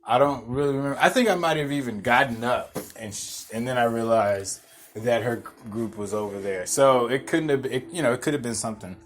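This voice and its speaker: A man's voice: medium pitch, a little fast. A young man hosting a podcast, telling a rambling, laid-back story with restarts and chuckles. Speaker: podcast host. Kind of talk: casual storytelling monologue.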